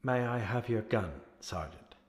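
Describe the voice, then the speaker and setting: An acting student playing a young, meek army private who answers quietly and warily. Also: male voice, medium pitch, measured pace, natural voice. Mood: guarded. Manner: quiet, guarded replies. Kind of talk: stage scene acting. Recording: echoey hall, off-mic.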